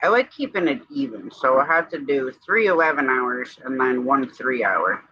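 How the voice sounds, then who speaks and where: Bright-voiced chatty man hosting a stream. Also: mid-range voice, animated, moderate pace, husky, muffled recording. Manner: chatty, explains plans at length. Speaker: livestream host. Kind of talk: casual livestream chat.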